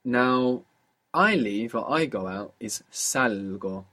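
Male language teacher, slightly husky, patient, quizzes a learner and repeats answers back. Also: medium pitch, expressive, slow, pushed and bright. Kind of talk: guided spoken lesson.

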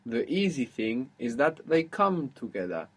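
A man's voice: mid-range voice, sing-song, measured pace, slightly rough. A man teaching a spoken language lesson, patiently explaining step by step and encouraging his student.

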